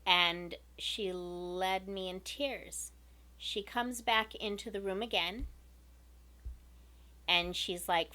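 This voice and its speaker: A woman earnestly telling a personal story to her viewers, emotional and unhurried. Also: medium pitch, fairly even intonation, sharp tone. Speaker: vlogger.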